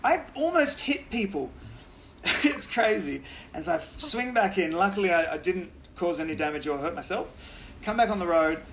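An Australian man, a podcast guest, telling lively stories in casual chat, swearing freely and laughing often. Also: high voice, normal speed, slight background noise.

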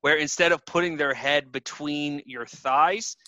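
Podcast co-host, male, bright crisp tone, raunchy joking banter, close dry mic. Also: fairly high pitch, measured pace, no echo. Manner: laughs often, swears freely, animated storytelling. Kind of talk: crude casual banter.

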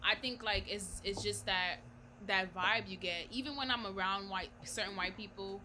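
High-voiced young woman, bright and chatty. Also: moderate pace, slight background noise. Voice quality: high-pitched voice. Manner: animated, laughs often, many fillers. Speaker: podcast co-host. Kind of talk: casual chat.

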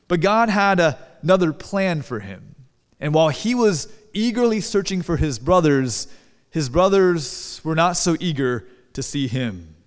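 A man's voice: a little high, smooth. A man preaching a sermon in a church, conversational and asking the congregation questions. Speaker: pastor. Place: church sanctuary. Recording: long hall reverb.

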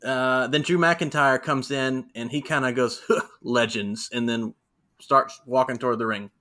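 A man's voice: medium pitch, steady tone, moderate pace, sharp tone. A man co-hosting a podcast, casually recapping wrestling segments in a chatty storytelling way. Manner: chatty storytelling, quotes people in voices. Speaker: podcast co-host.

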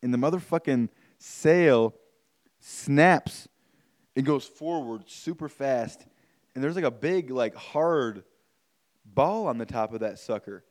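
A man's voice: mid-range voice, smooth. A man, hosting a podcast and telling a story casually and animatedly, swearing and saying "like" and "man" a lot. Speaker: podcast host.

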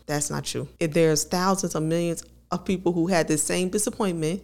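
A woman's voice: fairly low pitch, fairly even intonation, moderate pace, few pauses, darkish tone. A woman co-hosting a podcast, talking candidly and laughing often as she tells personal stories. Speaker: podcast co-host. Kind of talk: casual conversational podcast.

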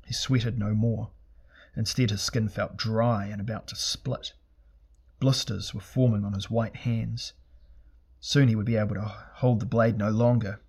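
A man narrating a fantasy audiobook in a steady, measured, dramatic reading. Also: fairly low pitch, slightly rough.

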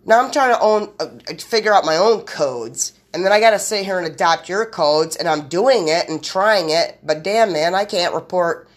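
A woman's voice: on the low side, moderate pace, few pauses. A woman hosting a solo podcast, rambling in blunt, profane run-on sentences straight to her listeners. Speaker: podcast host.

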